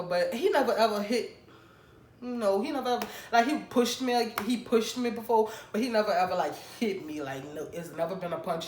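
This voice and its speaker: A young woman vlogger telling a casual storytime, animated and chatty, talking straight to her viewers. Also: on the low side. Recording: roomy room with faint background noise.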